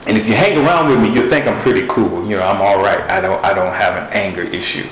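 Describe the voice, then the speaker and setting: A man's voice: on the low side, fast, fairly bright tone, slight background noise. A man preaching a sermon in an earnest, conversational storytelling way. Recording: roomy echo with faint ambience.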